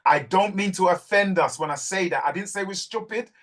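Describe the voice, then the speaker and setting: A man's voice: high voice, brisk, fairly bright tone. A man hosting a community call, preaching to listeners and repeating key words for stress. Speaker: host of a community group call. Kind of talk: fervent live group talk.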